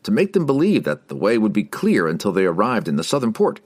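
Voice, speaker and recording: A man's voice: on the low side, wildly swooping pitch, fast talker, a little mellow, voice pushed up. Laval, a man doing a suspicious thief. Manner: cautious, suspicious.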